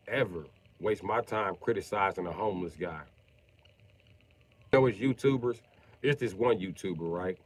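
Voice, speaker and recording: A man ranting on a livestream in profane, swaggering slang. His voice sits low, and it moves from a muttered aside to loud, animated bursts. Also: a little hiss or hum. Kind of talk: casual profane livestream rant.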